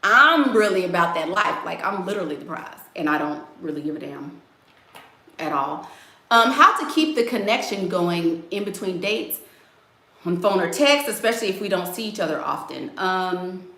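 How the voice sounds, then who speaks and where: Sassy, blunt woman with a bright voice. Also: lowish voice, lively intonation, normal speed, reverberant. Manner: blunt, sassy, emphatic, addresses viewers as y'all. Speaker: dating coach answering live chat. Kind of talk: casual live-stream talk.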